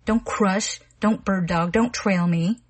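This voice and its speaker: A woman reading a menacing, smooth-talking young man who coaxes and taunts in slangy patter. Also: mid-range voice, steady tone. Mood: taunting. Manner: slangy, wheedling drawl with rapid patter.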